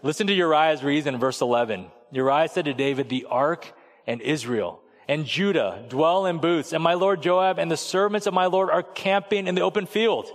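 A man in his thirties preaching a sermon in a relaxed, conversational storytelling way, acting out voices as he goes. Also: on the high side, moderate pace. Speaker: pastor. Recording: long hall reverb.

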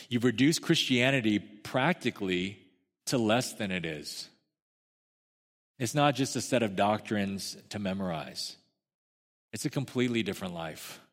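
A man's voice: medium pitch, fairly bright tone. Conversational male preacher in a reverberant hall. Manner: conversational preaching, emphatic, with asides to the congregation. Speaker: pastor. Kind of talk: sermon.

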